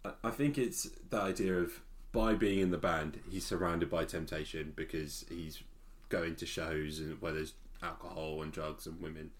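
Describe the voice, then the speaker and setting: A man's voice: extremely low pitch, fairly even intonation, moderate pace. A man co-hosting a podcast, chatting casually and giving blunt, opinionated takes. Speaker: podcast co-host. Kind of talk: casual chat.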